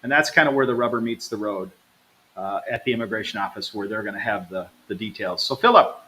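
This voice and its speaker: A man's voice: fairly low pitch, brisk, sharp tone, poor audio. A man hosting a live travel stream, chatting casually and reading out viewer comments in an upbeat way. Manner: chatty, upbeat, addresses viewers as "you guys". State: low energy, recovering from stomach trouble.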